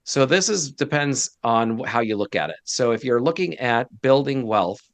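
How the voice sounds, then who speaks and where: A man's voice: medium pitch, lively intonation, moderate pace, dry recording. A man speaking as a guest financial advisor in a casual interview, direct and emphatic with blunt opinions.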